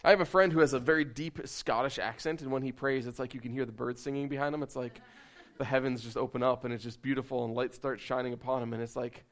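A man preaching a sermon in a conversational, animated, self-deprecating way. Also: medium pitch, quick pace. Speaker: pastor.

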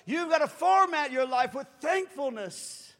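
A man preaching a sermon as pastor, animated, acting out quoted voices and rising to shouts. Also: very high voice, measured pace. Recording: long hall reverb.

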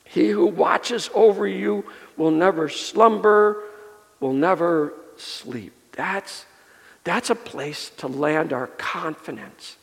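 A male pastor preaching a sermon and telling a personal story, earnest, building up and softening by turns. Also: high-pitched, slow pace, gravelly. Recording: long reverb of a large hall.

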